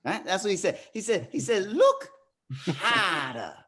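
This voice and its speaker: A man's voice: high voice, lively intonation. A man facilitating a fathers' group workshop who talks emphatically and often repeats words as he restarts. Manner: turns soft and slow in reflective parts. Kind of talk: motivational workshop talk.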